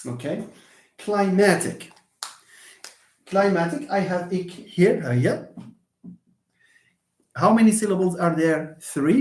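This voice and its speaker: A man's voice: a little high, darkish tone. A man teaching English word stress in a live online lesson, explaining patiently and repeating example words. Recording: echoey room.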